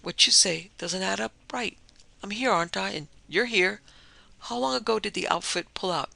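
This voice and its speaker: A man's voice: sits high, moderate pace, vocal fry, pushed and bright, pitched above the performer's own voice, full character voice, low-quality recording. A man voicing a blunt, hard-boiled male reporter in a pulp adventure audiobook. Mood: brusque.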